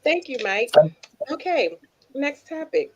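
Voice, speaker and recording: A woman's voice: high-pitched, very animated, takes it slowly. Woman co-host, casual, slightly lo-fi. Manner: reads listener comments aloud, steering topics. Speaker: podcast co-host. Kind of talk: casual chat.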